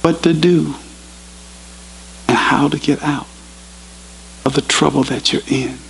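A pastor giving a sermon in a university chapel, earnest and storytelling. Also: male voice, a little high, steady tone, takes it slowly, creaky, slight background noise, poor audio.

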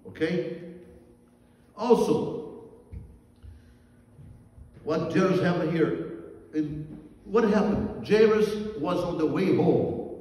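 High-voiced preacher in an echoey hall. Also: male voice, dark tone. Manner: earnest, repeats phrases, slow emphatic delivery. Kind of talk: sermon. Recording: echoey hall, mic far off.

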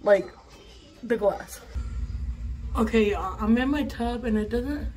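A woman's voice: on the high side, slow, a little mellow, soft background music. Rambling, profane young woman vlogger. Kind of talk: casual storytime vlog. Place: bathroom at home. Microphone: phone camera.

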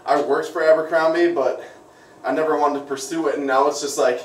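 A man's voice: a little high, fairly even intonation, fairly quick, recorded from a distance, slight background noise. A young man from Minnesota with a Minnesotan accent, talking in an upbeat, chatty way full of "like" and "you know" on a casual vlog. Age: young adult. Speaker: vlogger. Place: bathroom with shower. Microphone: phone or tablet camera. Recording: echoey room, voice off-mic.

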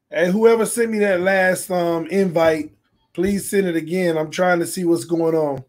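A man with a hoarse, fading voice hosting a casual gaming livestream, excitable and trash-talking as he reads viewer comments aloud. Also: high voice, a little slow. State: hoarse, losing his voice. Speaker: sports channel host.

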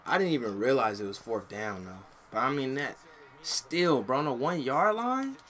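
A man's voice: mid-range voice, big pitch swings, normal speed. Young dude doing laid-back game commentary, lots of slang, gets heated and cusses at his players, normal mid voice. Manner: slangy, frustrated, yells and curses at the game. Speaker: gaming channel host. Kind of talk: casual gameplay commentary.

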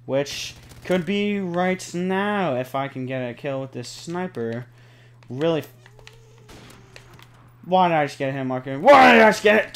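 A young man giving live gameplay commentary, excitable, cursing often and pleading with the game. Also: medium pitch. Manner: excitable, swears a lot, pleads and groans at the game. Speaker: gaming channel host.

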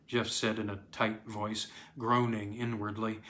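A man reading a weird tale aloud in a measured, dramatic way. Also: on the low side, flat delivery, fairly bright tone. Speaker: reader. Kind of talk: scripted narration.

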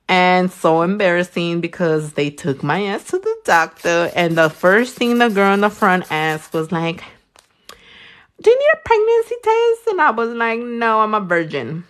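While doing nails on a livestream, a young woman chats loosely, recounting stories with lots of energy, cursing openly and popping into squeaky, high-pitched voices. Her tone is fairly bright.

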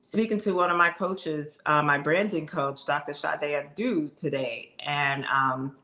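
A woman's voice: deep voice, unhurried, bright, forceful tone. A middle-aged woman coach giving an emphatic, conversational motivational talk straight to her viewers.

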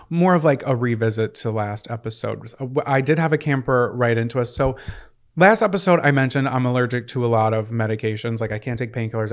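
A man co-hosting a podcast, telling stories in animated casual chat. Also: mid-range voice. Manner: animated storytelling. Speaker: podcast co-host.

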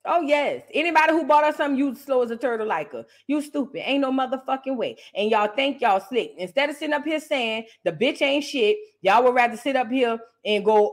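A woman's voice: fairly high pitch, lively intonation, a little fast, few pauses. A woman hosting a casual reaction show, talking in a brash, mocking and profane way. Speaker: host.

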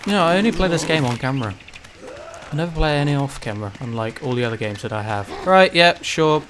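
Brief: gaming host, fairly high voice, foul-mouthed ranting, game sounds underneath. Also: male voice, lively intonation, fast, background noise. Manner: sweary, ranting, sudden shouted outbursts. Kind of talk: let's play commentary.

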